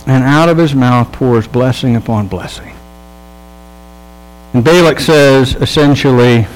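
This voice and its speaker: A pastor giving a sermon in a relaxed, humorous storytelling manner, checking in with his listeners and acting out the people in the story. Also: medium pitch, normal speed, low-quality recording. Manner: casual, humorous storytelling with quoted voices; conversational, checks in with the audience.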